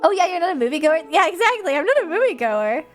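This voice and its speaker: High, lively young woman streamer. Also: quick pace, faint music behind. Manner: animated, chatty, swears casually, laughs often. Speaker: livestreamer. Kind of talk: casual chat reading viewer comments.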